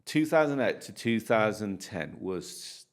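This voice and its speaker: An unhurried man with a lowish voice, he's a property landlord from the UK telling tales on a laid-back podcast. He brings the stories to life by acting out what people said.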